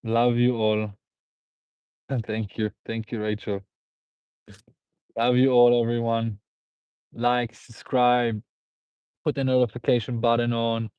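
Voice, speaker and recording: A man's voice: mid-range voice, flat delivery, slow pace, pauses often, smooth, no echo. A man hosting a live stream, rambling through viewer comments, laughing and repeating himself. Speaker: host. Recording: dull, dry lo-fi sound.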